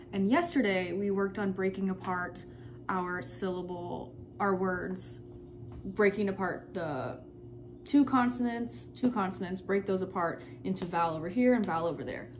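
Young woman teacher for a recorded phonics lesson; slow, patient delivery that sounds out syllables, mid-pitched. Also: noisy background.

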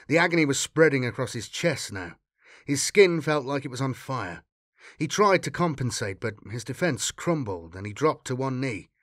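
A man's voice: medium pitch, no room sound, clean studio sound. Man reading a grim sci-fi story. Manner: measured, dramatic storytelling. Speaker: audiobook reader.

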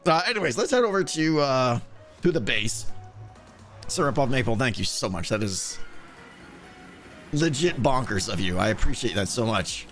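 Lively hiccuping man streaming a game. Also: medium pitch, normal speed, long pauses, soft background music. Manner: chatty, thanks viewers by name, interrupted by hiccups. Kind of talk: casual live-stream chat while gaming.

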